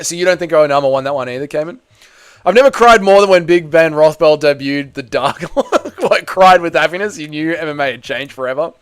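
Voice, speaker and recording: A young man hosts a live fight watch-along, chatting and joking as he answers viewers. His voice sits a little high for a man. It is clear and smooth. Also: fairly bright tone. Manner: chatty, jokey, answering chat. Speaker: host.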